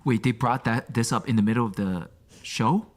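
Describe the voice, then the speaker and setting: A woman's voice: rumbling low, normal speed. A woman co-hosting a reaction video, chiming in with emphatic agreement in casual chat.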